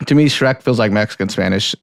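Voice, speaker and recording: A man co-hosting a film podcast, chatting casually in a relaxed, rambling way with frequent laughs. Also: fairly low pitch, fast, creaky, no room sound, clean studio sound. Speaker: podcast co-host. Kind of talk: casual chat.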